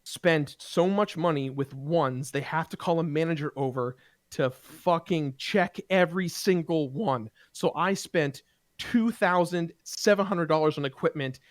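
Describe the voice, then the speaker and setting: A man casually telling a heated personal story to friends, animated and profane, with rambling restarts. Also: a little high, a little slow, no room sound, studio quality. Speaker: gaming show regular.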